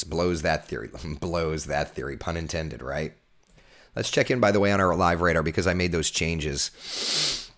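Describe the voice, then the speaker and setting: A man with a hoarse, recovering voice, hosting a casual live weather chat and reading out viewer comments. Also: low voice, fairly bright tone. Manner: chatty, jokey, reads out viewer comments.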